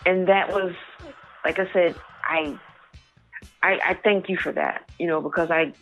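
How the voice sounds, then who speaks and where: A woman's voice: fairly low pitch, fairly even intonation, measured pace, gravelly, a bit bright. A singer being interviewed on radio, a woman from New York who speaks earnestly about her gift and her faith. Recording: muffled lo-fi line with faint music.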